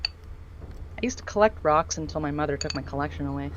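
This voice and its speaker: A woman's voice: low voice, fairly quick, highs cut off, noisy background. A woman co-streaming a game who talks in a blunt, casual way and swears freely. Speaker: co-streamer reading chat. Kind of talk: casual live-stream chat.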